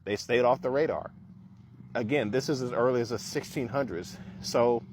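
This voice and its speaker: Man, conversational lecturer, outdoors walking, mid pitch, faint street noise. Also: moderate pace. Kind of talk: casual explanatory talk.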